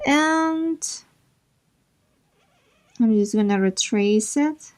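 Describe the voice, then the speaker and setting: A woman's voice: on the high side, animated, extremely slow, darkish tone. A woman hosting a drawing tutorial, chatting casually as she works and making playful asides to herself.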